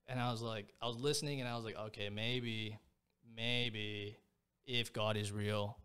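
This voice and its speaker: A man's voice: medium pitch, steady tone, a little fast, a bit bright, clean tone. A young man sits as a guest on a podcast and tells a long personal story in loose, everyday speech. He rambles and circles back, filling his sentences with slangy fillers as if he were talking with close friends. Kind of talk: casual storytelling.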